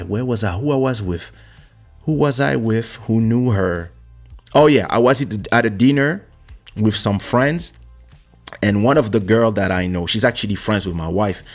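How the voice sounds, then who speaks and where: A man hosting a casual talk show, telling personal stories in an animated way and acting out the voices of the people he quotes, into a studio microphone. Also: fairly low pitch. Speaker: podcast host. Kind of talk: casual storytelling chat. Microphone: streaming studio microphone.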